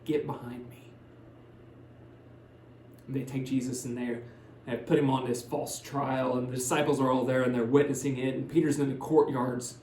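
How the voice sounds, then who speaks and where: A male pastor tells a Bible story in a relaxed, conversational sermon voice, dropping low for some lines and lifting it for others. His voice sits at a middle pitch. The church room adds a noticeable echo over a faint background hum. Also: fairly quick, few pauses. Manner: conversational storytelling with shifts between loud and hushed. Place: church sanctuary.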